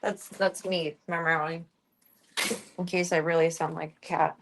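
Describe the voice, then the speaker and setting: A woman streaming casually from home, chatting with viewers and talking softly to her cats. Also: lowish voice, level tone, a little slow, a little hiss or hum. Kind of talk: casual live-stream chat.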